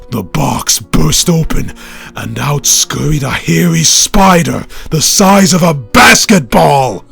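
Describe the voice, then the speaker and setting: A man's voice: mid-range voice, lively intonation, takes it slowly, creaky, faint music behind. A man reading a children's scary story aloud in a dramatic way, building tension. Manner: dramatic, builds tension, rising to near-shouting at scary moments.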